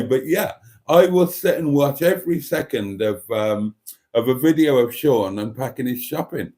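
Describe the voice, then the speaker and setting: A Welsh man hosts a relaxed live stream, chatting and poking fun at himself with frequent laughs. His voice sits at a middling pitch but swings widely and expressively. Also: moderate pace. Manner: chatty, self-mocking, laughs often. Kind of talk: casual live stream chat.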